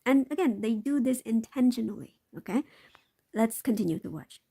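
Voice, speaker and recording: A woman's voice: fairly high pitch, lively intonation, normal speed, warm tone, breathy edge. A woman hosting a live stream, commenting on market clips in a loose, repetitive way and often tagging her points with a question. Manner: talks in a loose, repetitive way with frequent tag questions. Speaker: livestream host.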